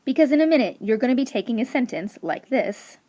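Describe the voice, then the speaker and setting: A woman's voice: a little high, very animated, fast, dark tone. A woman teacher giving a recorded lesson, telling a joke and explaining with playful emphasis.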